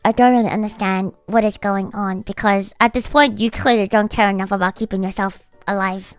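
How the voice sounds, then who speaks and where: A woman's voice: medium pitch, fairly even intonation, a little fast, smooth, no room sound. A woman streaming, chatting casually in a blunt, profane, ranting way. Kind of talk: casual livestream chat.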